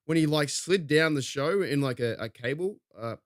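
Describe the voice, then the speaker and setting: A man with an Australian accent co-hosting a podcast, talking casually and trailing off into quieter asides. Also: fairly high pitch, lively intonation, moderate pace, no echo, clean studio sound. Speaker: podcast co-host. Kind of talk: casual chat.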